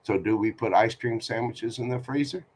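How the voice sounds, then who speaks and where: A man's voice: medium pitch, normal speed, a little mellow. A man hosting a live tarot reading stream, giving candid, joking, rambling advice. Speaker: tarot reader host.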